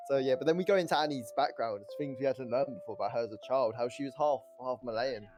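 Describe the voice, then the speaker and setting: A man's voice: mid-range voice, fast talker. A man with a mid-range voice retells anime scenes in easy, casual talk, dropping in a swear now and then. Music plays behind him the whole time. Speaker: podcast co-host. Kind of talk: casual anime episode breakdown chat.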